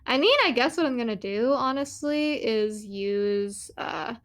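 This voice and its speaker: A woman's voice: a little high, expressive, unhurried, slight background noise. Giggly, rambling woman playing a tabletop game. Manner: giggly, rambling, swears casually. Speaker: player. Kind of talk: casual tabletop game play.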